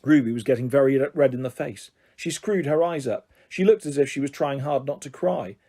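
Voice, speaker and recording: A man reading a children's novel aloud in an expressive, animated way. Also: medium pitch, normal speed. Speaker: storyteller.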